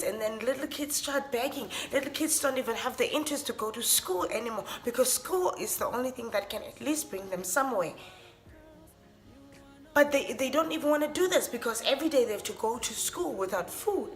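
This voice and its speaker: A woman's voice: fairly high pitch, lively intonation, normal speed. A young woman, ranting with feeling in a vlog, often restarting and repeating her phrases. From Namibia. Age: young adult. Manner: impassioned, repetitive, restarts phrases. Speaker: vlogger. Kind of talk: emotional rant to camera. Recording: music playing under the voice.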